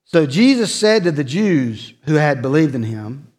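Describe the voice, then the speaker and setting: A man preaching a sermon in a church, earnest and confessional, dropping from emphatic lines to soft, hushed ones. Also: a little high, expressive, normal speed, hardly any pauses. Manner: earnest, confessional, swings from loud emphasis to soft near-whisper. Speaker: pastor. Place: church sanctuary.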